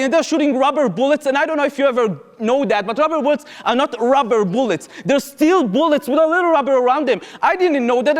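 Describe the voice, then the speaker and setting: A young man with an Israeli accent, telling a personal story at a public talk and acting out the voices he quotes, sometimes up to a shout. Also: very high-pitched. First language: Hebrew. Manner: animated, acts out quoted voices, rising to shouts. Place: lecture hall with audience. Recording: long hall reverb from a lecture room.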